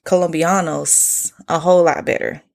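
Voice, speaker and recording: A woman's voice: low-pitched, steady tone, moderate pace, vocal fry, a little mellow. A young woman with an Atlanta Southern accent, hosting a podcast and telling travel stories in a candid, slangy way with plenty of swearing. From United States. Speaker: podcast host. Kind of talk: casual solo podcast storytelling.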